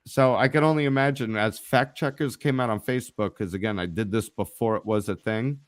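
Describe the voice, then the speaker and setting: A brash, profane man rants and teases his friends on a casual live stream. His voice is smooth and resonant. It sounds close and dry, with no room around it. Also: mid-range voice, a little fast, no echo. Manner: brash, profane, ranting and teasing. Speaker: guest co-host of a live online show.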